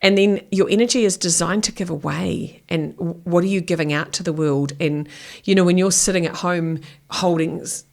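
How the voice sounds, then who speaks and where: A middle-aged woman guest speaking bluntly and energetically, acting out little quoted exchanges as she talks. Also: low voice. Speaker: guest, author and keynote speaker. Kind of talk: casual interview chat.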